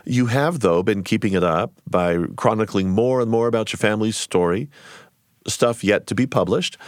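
Calm male interviewer, dry close sound. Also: fairly low pitch, no room sound. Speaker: interviewer host. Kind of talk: interview questions.

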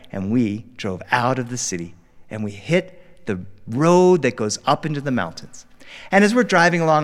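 A middle-aged man from Delaware telling a story live to a studio audience, animated and playful. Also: medium pitch. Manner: animated, warm, playful, acting out characters. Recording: long reverb in a studio hall.

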